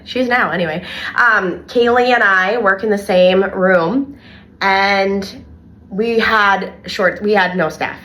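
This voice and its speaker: A young adult woman, co-hosting a casual podcast and telling animated stories from her childcare work with lots of "like". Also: medium pitch. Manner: animated storyteller, heavy filler "like". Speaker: podcast co-host and childcare worker.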